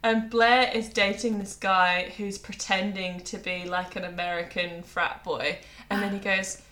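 Bright, giggly woman co-host. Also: medium pitch, measured pace. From Britain. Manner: giggly, animated, quotes people in asides. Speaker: podcast co-host. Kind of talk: casual chat.

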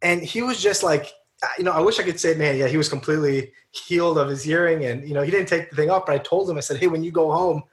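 A man's voice: on the high side, quick pace. A man guest in an interview, earnestly telling personal stories in a chatty way, with many fillers and restarts. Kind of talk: casual storytelling interview.

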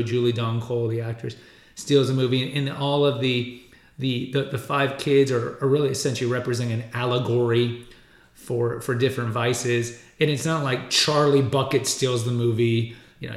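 A man's voice: mid-range voice, roomy sound. A man hosting a podcast, giving casual movie-trailer commentary in a rambling way, with many restarts and repeats. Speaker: podcast host.

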